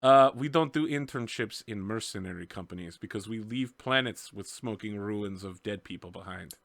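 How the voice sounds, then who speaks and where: A man's voice: fairly low pitch, fairly bright tone, no room sound. A man narrating a tabletop game as game master, playful and describing the scene. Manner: playful, narrates scenes and voices characters in quick asides.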